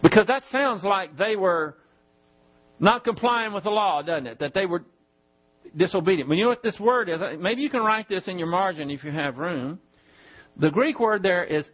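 High-voiced preacher teaching scripture. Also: male voice, lively intonation, dull audio. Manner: teaching Bible verses, spelling out Greek words slowly. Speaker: pastor. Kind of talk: sermon. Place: church.

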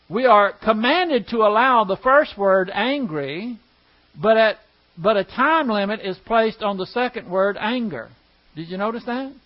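A man's voice: sits high, highs cut off. A man teaching a Bible class verse by verse, explaining Greek grammar step by step and asking the class questions.

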